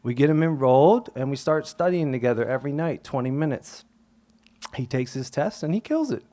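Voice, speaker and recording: Animated man telling a story on stage. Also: mid-range voice, brisk. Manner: animated, acts out quotes, drops to whispers. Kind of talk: live personal storytelling.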